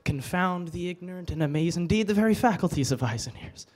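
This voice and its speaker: A man performing a brooding, self-reproaching young prince as a stage soliloquy at a bookstore open mic, swinging between hushed lines and loud outbursts. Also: high-pitched, expressive, fast talker, voice pushed up.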